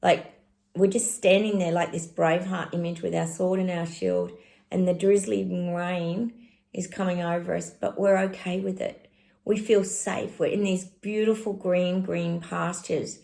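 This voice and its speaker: A woman's voice: fairly low pitch, gravelly, darkish tone. A middle-aged woman casually giving psychic readings to her viewers, chatty and exclaiming as she talks straight to them. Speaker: psychic channel host.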